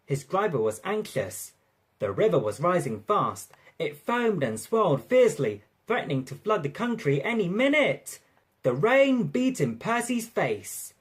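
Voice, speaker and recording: A narrator reading a railway storybook aloud in an expressive, lively way. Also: mid-range voice, unhurried, slightly rough.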